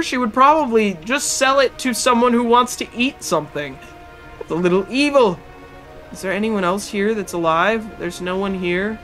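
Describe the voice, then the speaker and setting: A man's voice: very high-pitched, expressive, moderate pace, sharp tone, faint music behind. A man streaming live, chatting as he plays and talking back to game characters and his chat. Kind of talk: live gameplay commentary.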